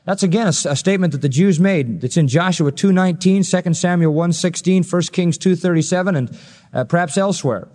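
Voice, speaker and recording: A man's voice: high voice, fairly quick, darkish tone, long reverb tail. A male pastor preaching an expository sermon, telling the story dramatically and acting out the quotes he reads.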